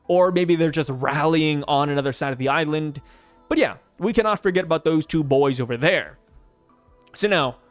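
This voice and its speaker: A man casually reviewing a comic chapter, chatty and excitable, with many fillers and acted-out quotes. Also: high voice, no echo. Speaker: manga reviewer. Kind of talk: casual commentary.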